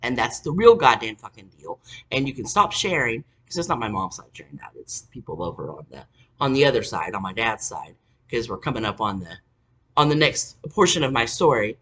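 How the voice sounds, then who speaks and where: In a rumbling low, sing-song voice with a fairly bright tone, a woman speaks briskly over a faint hiss or hum. She rants to camera about a family story, exasperated, sarcastic and cursing a lot.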